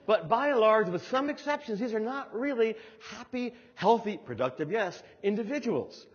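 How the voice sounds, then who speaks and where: A man's voice: high voice, normal speed. An older man giving a motivational keynote speech, telling stories with emphatic repetition. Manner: animated storytelling, emphatic repetition. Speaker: keynote speaker. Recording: dull sound with long hall reverb.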